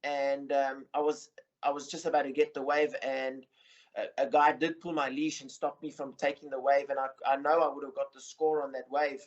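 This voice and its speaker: A man's voice: medium pitch, level tone, moderate pace. A middle-aged man in a casual interview as a surf coach, talking in a rambling way with many fillers and restarts. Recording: muffled lo-fi recording.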